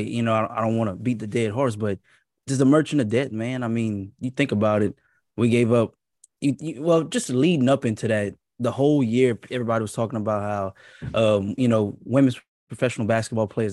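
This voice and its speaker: A man's voice: on the low side, fairly quick, a little mellow, no room sound, clean studio sound. A man as a guest in a casual panel podcast chat, easygoing and rambling with asides.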